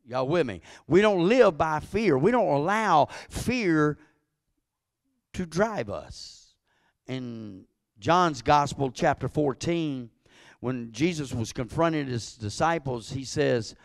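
A man preaching a sermon as pastor, calling out to his congregation and building to loud emphatic peaks. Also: medium pitch, animated, slow pace, no echo, studio quality.

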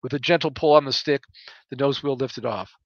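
A man reading aloud from his own book in first person, tense, raising his voice for radio calls and dropping low for inner thoughts. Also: a little fast, no room sound, muffled recording.

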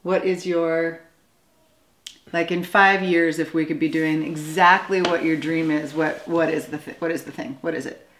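A woman in casual conversation as co-host of a homestead video, talking in a lively, teasing way and laughing often. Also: deep voice, moderate pace. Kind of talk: casual chat. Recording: echoey room with faint noise.

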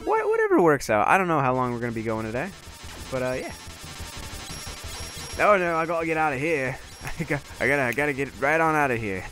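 A man streaming a video game live, excitably talking himself through boss fights and swearing often. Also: on the high side, a little fast, faint music behind. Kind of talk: live gameplay commentary.

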